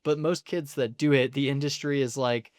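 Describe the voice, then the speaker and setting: A man's voice: mid-range voice, steady tone, normal speed, a little mellow, dry recording, clean studio sound. Analytical young man hosting a podcast. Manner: thoughtful, analytical, laughs often. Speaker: podcast host. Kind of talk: casual conversation.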